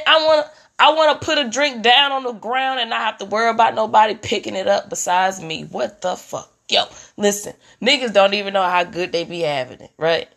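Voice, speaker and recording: Young mom ranting, bright high voice, super animated and cussing. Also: female voice. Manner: animated, profane, swings into mimicked voices. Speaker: comedian ranting about motherhood. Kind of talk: comedic rant.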